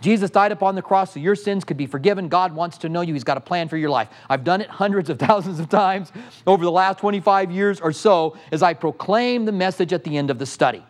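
A man's voice: high-pitched, fast talker. A middle-aged male pastor teaching a sermon with passion, firing off rhetorical questions at the congregation.

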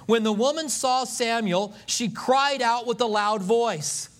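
High voiced pastor guy preaching, jokey and animated, acts stuff out. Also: unhurried. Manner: animated, joking storyteller who acts out scenes. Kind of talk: sermon.

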